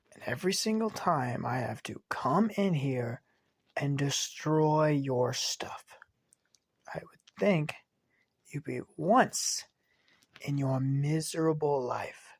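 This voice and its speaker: A man's voice: medium pitch, breathy edge, no echo. A man voicing a fierce, very strong old grandmother with a crackly voice.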